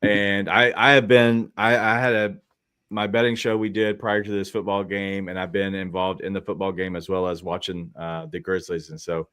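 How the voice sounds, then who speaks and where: A man co-hosting a casual sports talk show, rambling through his points with restarts and quick asides. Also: low-pitched, little pitch movement, a bit bright, smooth, no room sound, clean studio sound. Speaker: podcast co-host.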